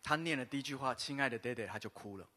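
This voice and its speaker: A man, a pastor telling a personal story in a sermon, pausing in short bursts for an interpreter. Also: medium pitch. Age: 50s. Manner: lively storytelling pauses for an interpreter. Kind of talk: sermon testimony.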